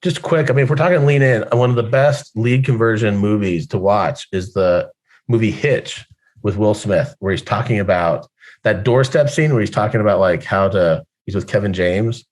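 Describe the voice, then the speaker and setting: A man's voice: on the low side, normal speed, darkish tone. A man talking as a guest on a video call panel, chatty and filler-heavy as he tells stories. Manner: chatty, filler-heavy storyteller, laughs often. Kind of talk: casual panel chat.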